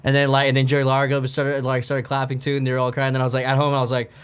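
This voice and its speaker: Quick-talking man telling wrestling stories. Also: medium pitch, clear, resonant tone, no echo. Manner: rambling, animated storytelling. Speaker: co-host. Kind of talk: casual wrestling chat.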